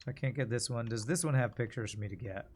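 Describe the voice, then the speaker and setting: A man's voice: mid-range voice, quick pace, a little mellow. A man streaming a puzzle game, muttering and thinking aloud to himself and his chat. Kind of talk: casual gameplay commentary.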